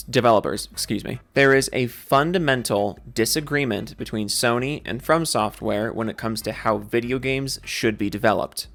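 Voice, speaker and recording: A man's voice: mid-range voice, creaky, fairly bright tone. A young man giving a sarcastic, exasperated, profane rant in commentary on fan posts. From Seattle. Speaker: commentary YouTuber.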